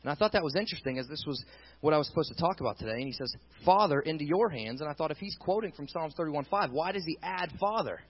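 A man preaching a sermon with dramatic swings between loud intensity and quiet emphasis. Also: a little high, animated, fast talker, husky, dull audio. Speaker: pastor.

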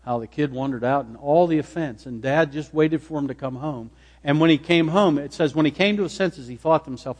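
A man's voice: a little high, expressive, fairly quick, a little mellow. Man preaching in an echoing hall. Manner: retells scripture dramatically, acting out the speakers' lines. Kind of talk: sermon. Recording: long hall reverb.

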